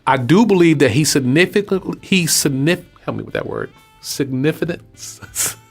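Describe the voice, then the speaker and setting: A man from Texas talking casually to his audience as host, preaching in a lively, conversational way and asking them questions. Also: a little high, moderate pace, gravelly, husky, soft background music. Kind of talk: casual spoken teaching.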